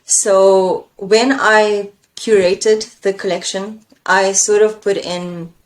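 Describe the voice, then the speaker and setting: A woman talks through her writing struggles in a reflective, searching way. She thinks aloud and often pauses on fillers, and her voice sits at an ordinary middle pitch. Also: steady tone. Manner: thoughtful, searching, with fillers and self-questioning. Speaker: poet and engineer, coaching guest. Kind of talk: reflective conversation.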